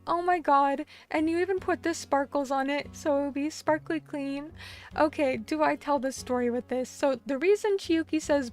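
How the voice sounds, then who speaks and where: A young adult woman chatting casually on a live stream, effusive and thankful, often tripping over her words. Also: sits high. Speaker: vtuber streamer.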